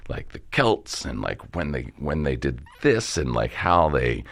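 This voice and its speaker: A young man from the Baltimore area, an entrepreneur guest in a casual interview, rambling and animated, swearing now and then. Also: a bass voice, a little slow, creaky. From Baltimore area, Maryland.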